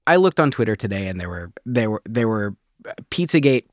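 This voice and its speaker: A man's voice: on the low side, very animated, brisk, dry recording, studio quality. Earnest man explaining in casual talk. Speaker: podcast co-host.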